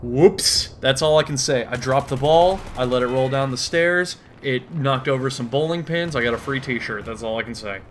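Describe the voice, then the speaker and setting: A man at a middle pitch gives a comedic gaming monologue in a deadpan, rambling way, swearing casually as he goes. He talks into a headset mic while faint gunfire from the game sounds behind him. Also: moderate pace, few pauses, slight background noise. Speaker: gaming commentator. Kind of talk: comedic monologue over gameplay. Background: faint gunfire from a shooter game.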